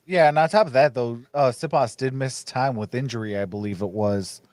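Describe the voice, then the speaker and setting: A man hosting a casual sports podcast, talking fast with frequent restarts and laughs. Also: mid-range voice, a little mellow, dry recording, clean studio sound. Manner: stammers and restarts, laughs often. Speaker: podcast host.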